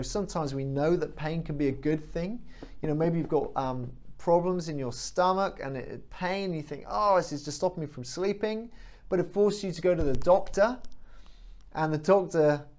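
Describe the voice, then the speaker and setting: A man preaching a sermon, animated and emphatic, with frequent fillers. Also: mid-range voice.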